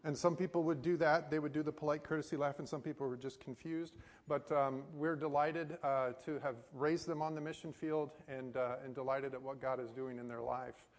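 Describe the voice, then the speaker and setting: A middle-aged American missionary pastor preaches a sermon, telling a personal story in a folksy manner packed with fillers. His voice is on the high side, steady in tone and a little fast. The recording carries hall reverb.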